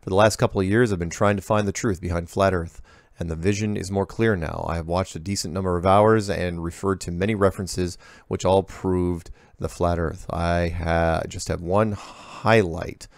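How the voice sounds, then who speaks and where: A man with a very low, gravelly voice reads listener emails in an offhand, casual way. He trails into asides and corrects himself as he goes. The sound is dry and close to the mic. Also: steady tone, moderate pace, no echo. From US Pacific Northwest. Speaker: host reading viewer emails.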